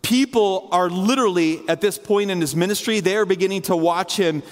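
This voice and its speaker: A male pastor preaching a conversational sermon full of fillers, dropping to a hushed low voice and rising high again as he retells a scene. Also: fairly quick, long reverb tail. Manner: conversational, imaginative storytelling with many fillers; swings between hushed low and raised high delivery.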